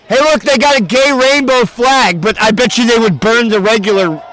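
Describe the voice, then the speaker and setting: A man giving casual, mocking live-stream commentary, laughing often and breaking into loud outbursts. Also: high-pitched.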